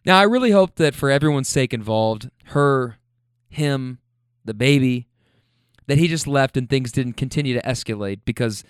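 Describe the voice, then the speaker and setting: A man's voice: medium pitch, smooth, dry recording. Chatty man telling a story, dry close sound. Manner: chatty, profane, laid-back with self-deprecating asides. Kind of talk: casual spoken anecdote.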